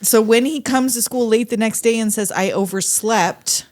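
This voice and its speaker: A woman co-hosting a podcast, casually recapping a film in animated, profane storytelling and quoting the characters' lines. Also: fairly high pitch, a little fast. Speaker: podcast co-host.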